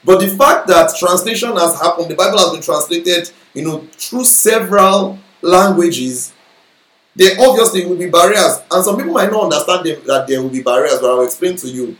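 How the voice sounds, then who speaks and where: Male Bible teacher, high-pitched, sermon delivery, echoey room, frequent check-ins with the audience. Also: expressive, normal speed, fairly bright tone. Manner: explanatory, checks in with listeners often.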